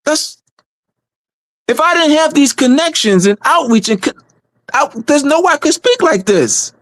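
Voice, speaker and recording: A man's voice: extremely high pitch, sing-song, a little slow, fairly bright tone, dry recording. Man talking emphatically, dry sound. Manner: emphatic, repeats phrases for stress. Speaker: guest speaker on a community livestream. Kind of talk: casual livestream talk.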